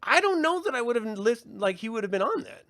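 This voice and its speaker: A man co-hosting a casual review podcast, talking in an animated way, swearing and mocking in impressions. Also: very high voice, quick pace, no echo, clean studio sound. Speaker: podcast co-host.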